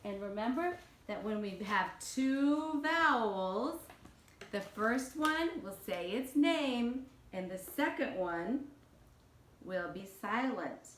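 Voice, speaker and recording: High, slow-talking teacher woman. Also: lively intonation, roomy sound, a little hiss or hum. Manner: slow, carefully enunciated teacher talk for young kids. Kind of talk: children's phonics lesson.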